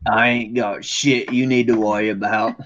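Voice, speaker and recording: A man's voice: lowish voice, level tone, moderate pace, fairly bright tone, highs cut off, close to an everyday voice. A man voicing a brash, crude male adventurer in a put-on Australian accent. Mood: cocky. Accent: mock Australian. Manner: cocky, crude, swaggering.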